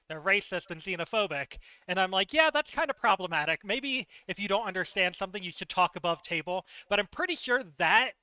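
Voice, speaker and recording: A man livestreaming, telling a story in casual, animated chat with plenty of fillers and laughs. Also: sits high, clean tone, dry recording, muffled recording. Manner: chatty and animated, laughs often, many fillers.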